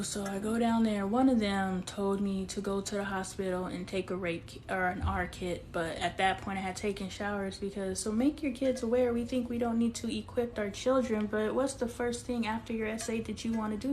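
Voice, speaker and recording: A woman's voice: mid-range voice, steady tone, a little fast, few pauses, darkish tone, a little hiss or hum. Candid woman host on a phone live stream. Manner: emotional, confiding, talks straight to viewers; reads and answers viewer comments aloud.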